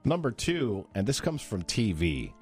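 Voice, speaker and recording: Animated man hosting a casual chat. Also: lowish voice, unhurried, soft background music. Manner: animated storyteller, jumps into quoted voices. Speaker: co-host.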